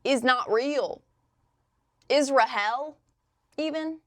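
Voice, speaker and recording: Gravelly young woman streamer chatting. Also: medium pitch, unhurried, a bit bright, dry recording, studio quality. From US Midwest. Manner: chatty, loose, casually swearing. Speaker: livestreamer. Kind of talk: casual chat reading live chat. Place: indoors at a crafting desk.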